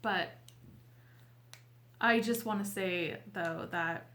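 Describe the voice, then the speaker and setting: A woman host talking casually and heartfelt to her viewers, tearful and earnest, with a halting way of speaking. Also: mid-range voice, fairly even intonation, pushed and bright. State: weepy, tearful. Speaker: tarot reader and channel host. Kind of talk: casual heartfelt talk to camera.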